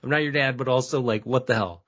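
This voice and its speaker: A man co-hosting a podcast, telling stories in casual chat with animated delivery. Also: mid-range voice, quick pace, lo-fi sound. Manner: animated storytelling, laughs often. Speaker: podcast co-host.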